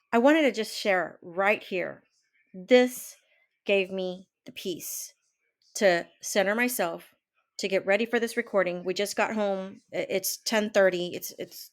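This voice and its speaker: A woman in her fifties talking casually to camera from her home office, rambling with many fillers and restarts. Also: medium pitch. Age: 50s. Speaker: vlogger and life coach.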